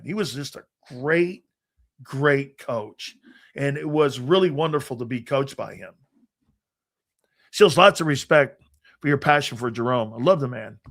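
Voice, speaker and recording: Gravelly older man telling stories. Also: medium pitch, a bit bright. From Connecticut, United States. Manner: rambling anecdotes, frequent restarts and fillers, profane. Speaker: sports show host and former football player. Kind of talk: casual storytelling on a live sports show.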